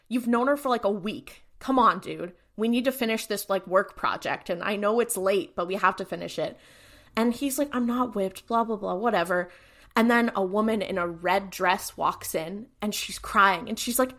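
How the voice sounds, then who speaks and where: A woman co-hosting a podcast, retelling episodes in casual chat and acting out quick character voices. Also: medium pitch, fairly bright tone. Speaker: podcast co-host.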